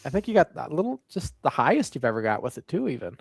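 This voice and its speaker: A man co-hosting a wrestling show, talking in a rambling, halting, good-natured way. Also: a little high, very animated, creaky, slightly rough, no room sound. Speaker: co-host. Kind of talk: casual wrestling show chat.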